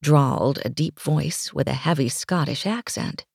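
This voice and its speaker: A woman narrating a romance audiobook in an expressive, scripted style. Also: deep voice, unhurried, creaky, slightly rough, no room sound, studio quality.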